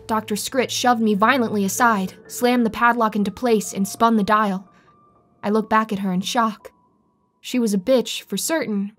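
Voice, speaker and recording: A woman narrating a horror story in the first person with an even, steady delivery. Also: medium pitch. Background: faint music.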